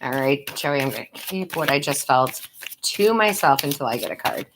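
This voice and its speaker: A woman's voice: sits low, animated, normal speed, background noise. A woman giving tarot readings on a live stream, who chats with her viewers, calls them love and sweetheart, and laughs often. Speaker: tarot reader and medium.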